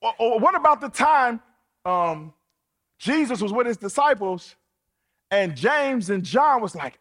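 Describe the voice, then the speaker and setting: Husky, animated preacher with a slow delivery. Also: male voice, extremely high pitch. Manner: animated, colloquial, playful preaching. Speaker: pastor. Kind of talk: sermon.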